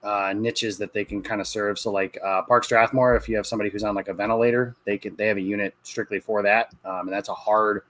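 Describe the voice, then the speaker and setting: A man in his thirties talks in a relaxed, rambling way as a podcast guest, with plenty of "uh" and "like." His voice sits fairly low, and the sound is dry and close. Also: fast talker, few pauses, dry recording. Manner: easygoing, rambling, many fillers. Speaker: guest, sportswriter. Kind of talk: casual podcast interview.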